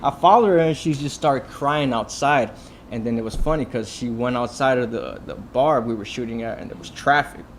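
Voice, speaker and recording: A man's voice: medium pitch, moderate pace, slight background noise. A man, a film director, telling stories from his shoots in a loose, casual way, with lots of "like", "you know" and swearing. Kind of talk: casual podcast storytelling.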